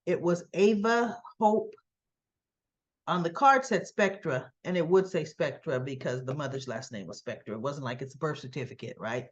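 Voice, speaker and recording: A woman's voice: low-pitched, moderate pace, muffled recording. A woman casually retelling a soap opera episode, chatty and quoting the characters as she goes.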